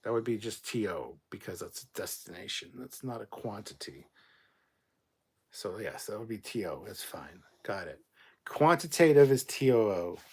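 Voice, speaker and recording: A man hosting a casual livestream, reading viewer comments aloud and adding quick, swearing asides. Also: on the low side, expressive, darkish tone, slightly rough. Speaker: livestream host reading chat.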